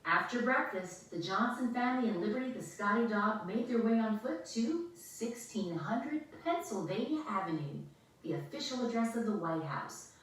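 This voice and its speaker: Animated woman reading a children's story. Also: a little high, moderate pace. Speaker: author reading her book. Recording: echoey room, mic far off.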